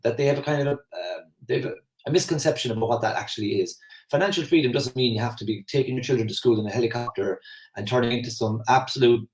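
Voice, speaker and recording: A man's voice: medium pitch, darkish tone, roomy sound, poor audio. A man in his forties with an Irish Kerry accent, giving a rambling, anecdotal personal development talk. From Ireland. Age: 40s. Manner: rambling, anecdotal, conversational with fillers. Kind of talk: casual spoken talk.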